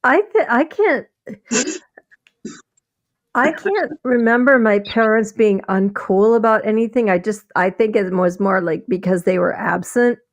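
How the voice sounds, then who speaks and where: Her mid-range voice carries lively intonation at a measured pace, with no echo. She's a middle-aged Midwesterner from Wisconsin co-hosting a casual stream, spinning rambling stories full of laughs and restarts.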